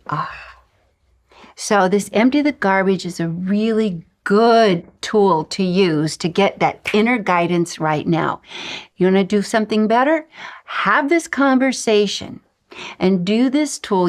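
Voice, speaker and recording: A woman gives a spoken lesson on intuition in a voice that sits mid-range for her. She coaches at an unhurried pace, drawing out words, pausing often and letting out soft sighs. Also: medium pitch. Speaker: intuition teacher.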